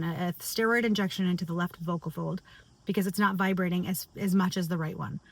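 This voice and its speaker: A woman's voice: medium pitch, a bit bright. Woman candidly sharing in a vlog. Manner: open, confessional, emotional. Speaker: vlogger and singer. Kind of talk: candid personal video diary.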